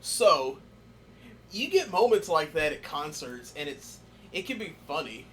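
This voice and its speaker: A man on a podcast who gets loud and excited telling concert stories. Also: on the high side, measured pace, a little hiss or hum. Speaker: podcast host. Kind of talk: casual podcast chat.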